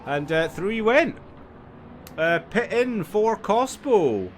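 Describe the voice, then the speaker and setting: A man commentates a sim race live, chatty and a little weary from a long day, breaking into high excited yelps at big moments. His voice sits slightly high, and noise is clearly audible behind him. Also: takes it slowly. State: tired, yawning.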